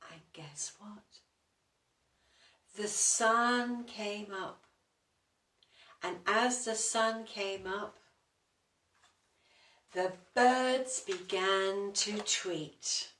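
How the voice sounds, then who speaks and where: Woman reading a children's story, asks the kids questions, very slow, roomy echo. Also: medium pitch, steady tone, a bit bright. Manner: asks the young listeners questions. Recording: roomy echo, distant mic.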